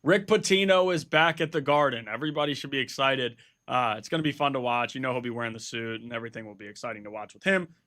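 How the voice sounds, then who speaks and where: A man's voice: medium pitch, pushed and bright. A man hosting a sports betting show, laying out a pick with stats in an earnest, insistent way and repeating himself for emphasis.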